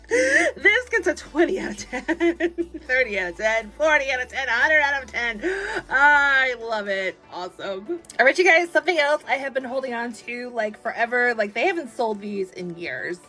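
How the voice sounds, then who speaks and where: A young woman chatting excitedly through a toy unboxing, gushing and giggling often. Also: a little high, normal speed, faint music behind.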